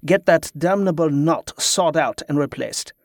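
A man's voice: on the high side, a little slow, no echo, studio quality. A man voicing a reserved, formal male ship captain. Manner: stiff, formal.

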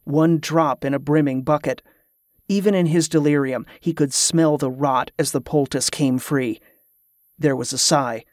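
A man reading a novel aloud in a steady, even narration. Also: on the high side, measured pace, no echo, clean studio sound. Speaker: audiobook narrator. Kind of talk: scripted narration.

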